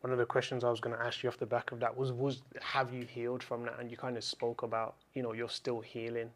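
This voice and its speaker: A mid-pitched host guides a personal interview, asking thoughtful questions. The host backs the guest with a steady run of gentle affirmations. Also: quick pace. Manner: supportive, frequent affirmations. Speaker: podcast host.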